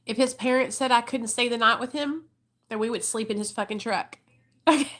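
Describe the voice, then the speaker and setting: In a fairly high, fairly bright voice and at a slightly fast clip, a woman in her thirties hosting a livestream shares her life story. Emotional and talkative, she curses freely and addresses viewers as y'all.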